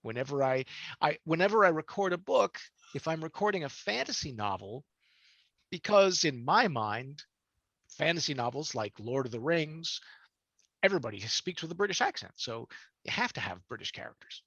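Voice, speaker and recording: Animated older man telling stories. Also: on the high side, moderate pace, no echo, dull audio. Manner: animated, chatty storyteller. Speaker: voice actor. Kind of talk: interview storytelling.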